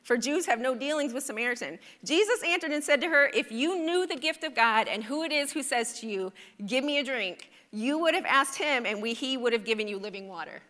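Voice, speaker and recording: A woman preaches to her congregation in a chatty, animated way, often turning to them with a quick question. Her voice is high and bright. It rings with the long reverb of a large church hall. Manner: animated, conversational, asks the congregation "right?". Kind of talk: sermon. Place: church sanctuary. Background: congregation responding.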